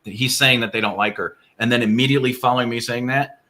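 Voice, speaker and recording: A man who is a guest on a paranormal podcast, telling stories in an animated way and finishing his partner's sentences in casual chat. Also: mid-range voice, quick pace.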